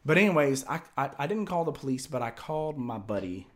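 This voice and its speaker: A man telling a story on a casual podcast, animated and profane, often stammering and repeating words. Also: mid-range voice, fairly quick.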